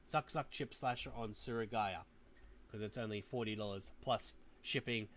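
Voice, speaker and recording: A man's voice: medium pitch, a bit bright. A young man hosting a casual toy livestream, rambling and muttering asides to his chat as he browses. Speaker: toy review livestream host.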